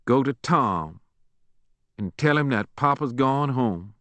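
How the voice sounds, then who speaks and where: A male narrator voicing a stern, sharp-tongued elderly grandmother who scolds curtly. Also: mid-range voice, animated, slow pace, no echo. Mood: scolding. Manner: scolding, curt.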